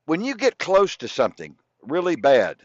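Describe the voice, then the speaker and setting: A man's voice: fairly high pitch, huge pitch swings, normal speed, slight background noise. A man speaking as an interview guest, telling long stories in a rambling, profane way and repeating himself. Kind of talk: casual storytelling interview. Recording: dull lo-fi dry sound.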